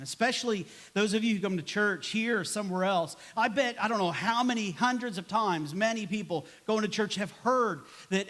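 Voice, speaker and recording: Here a man with a high, slightly bright voice preaches fairly quickly from a church pulpit. Conversational in manner, he acts out quoted voices, sighing and grumbling, to make his points.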